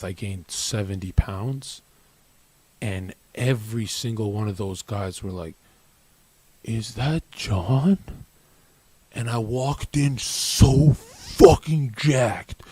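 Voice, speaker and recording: A man's voice: medium pitch, darkish tone, dry recording. Cocky guy ranting on his stream, swears a lot, dry close sound. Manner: blunt and profane, tags lines with "right?". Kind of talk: brash motivational rant.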